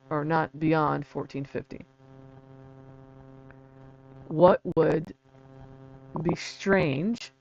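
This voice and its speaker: A casual explainer video features a host with a gravelly, medium-pitched voice who reads passages, spells words letter by letter, and chuckles through chatty jokes at his own expense. The highs are cut off and there's a little hiss or hum.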